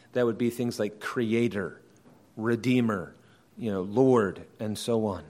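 A man preaching an evening sermon, explaining doctrine in a measured, emphatic way and often rephrasing his points. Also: medium pitch, a little mellow.

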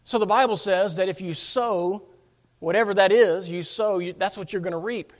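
High-voiced man preaching a sermon. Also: moderate pace. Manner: emphatic, rhetorical questions to congregation. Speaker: pastor.

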